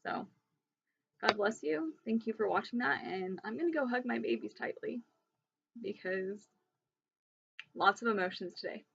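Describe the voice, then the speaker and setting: A woman's voice: fairly high pitch, moderate pace, creaky, long pauses, highs cut off, noisy background. A young woman vlogging from home, talking emphatically and emotionally as she urges viewers and shares her own experience. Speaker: vlogger sharing pregnancy illness resources. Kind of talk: earnest direct-to-camera vlog talk.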